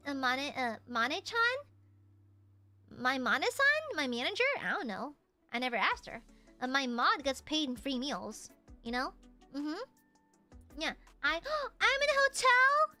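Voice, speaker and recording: A woman streamer chatting casually and thanking viewers for super chats, playful and prone to sudden shouting. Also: high-pitched, big pitch swings, normal speed, soft background music. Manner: playful, bursts into shouts and laughter.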